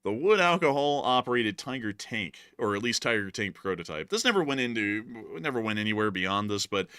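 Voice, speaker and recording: Male stream host, low pitch, bright forceful tone, slightly strained voice, casual fillers, dry sound. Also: animated, clear, resonant tone, no room sound. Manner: casual, drawn-out fillers, with sudden pitch jumps. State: voice feels strained. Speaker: show host. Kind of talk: live stream super chat replies.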